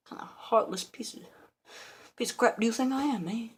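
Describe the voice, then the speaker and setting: A woman's voice: fairly high pitch, moderate pace, breathy edge. A woman vlogger telling a rambling, joking made-up story with lots of slang, giggling and mumbled asides.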